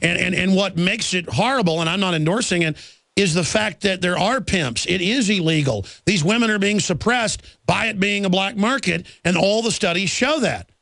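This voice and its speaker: A man's voice: sits high, normal speed, creaky, fairly bright tone, dry recording. A man hosting a talk radio show, speaking in an emphatic, ranting way. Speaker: radio host.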